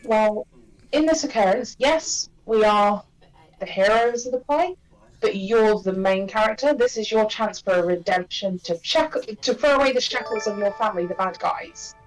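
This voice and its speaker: A woman's voice: mid-range voice, moderate pace, faint music behind, poor audio. A woman as a player in a tabletop game, talking persuasively in character. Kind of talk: casual in-character tabletop play.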